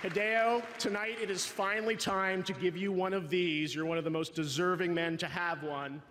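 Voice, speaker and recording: A man with a fairly high voice delivers an earnest stage speech, introducing an honoree with rising ceremony. The sound carries the long reverb of a big hall. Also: steady tone, normal speed, fairly bright tone, a faint crowd, a little hiss or hum. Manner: earnest, building to a big announcement. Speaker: awards show host. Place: large event hall. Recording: reverberant event hall recording.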